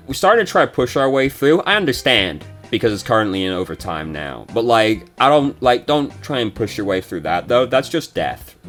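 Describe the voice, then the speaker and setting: A young man giving casual, swearing-prone commentary while reviewing someone's gameplay, with quick asides to the viewer. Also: fairly low pitch, a bit bright. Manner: swears and rants when frustrated, quick asides. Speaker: game reviewer.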